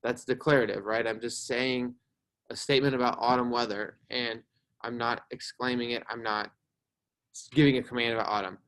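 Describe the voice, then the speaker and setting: A man's voice: mid-range voice, steady tone, moderate pace, fairly bright tone, clean tone. A young man teaching a grammar lesson to a class, explaining patiently and checking in with "right?" as he goes.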